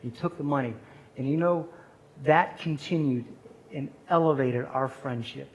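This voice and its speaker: On a muffled recording, a chapel speaker in his forties delivers a sermon story from his own life. His mid-range voice is unhurried, and he performs the voices of the people he quotes.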